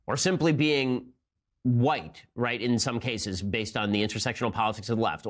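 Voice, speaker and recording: A man hosting a political commentary show, delivering a sarcastic, argumentative monologue. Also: medium pitch. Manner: rapid-fire, sarcastic, argumentative.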